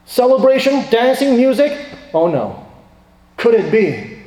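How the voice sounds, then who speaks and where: Guy giving a sermon, high mellow voice, roomy echo, gets loud then drops low. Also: very animated, measured pace. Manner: dramatic, rising to loud emphatic questions and dropping to quiet asides. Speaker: preacher. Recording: echoey reverberant hall.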